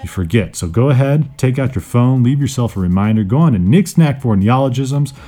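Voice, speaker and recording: A man's voice: medium pitch, lively intonation, a little fast, dark tone, faint music behind. A man hosting a casual vocabulary podcast, playful and self-mocking, joking between word explanations. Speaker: podcast host teaching vocabulary.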